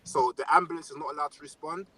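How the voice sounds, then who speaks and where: A man's voice: fairly high pitch, fast talker, breathy edge, poor audio. A young man with a London accent chatting casually on a podcast, telling stories with lots of slang fillers. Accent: London English. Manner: animated storytelling, heavy slang fillers. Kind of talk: casual chat.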